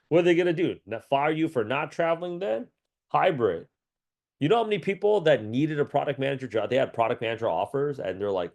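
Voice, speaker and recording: A man's voice: medium pitch, sing-song, fairly quick, gravelly, a little mellow. A man working as a career coach, chatting casually in slang, laughing often and acting out the people he quotes. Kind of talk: casual chat.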